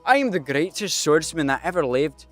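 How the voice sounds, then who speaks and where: A man's voice: a little high, very animated, normal speed, a bit bright, faint music behind, voice pushed up. A man voicing a boastful, cowardly swordsman with a put-on Scottish accent, cocky and taunting.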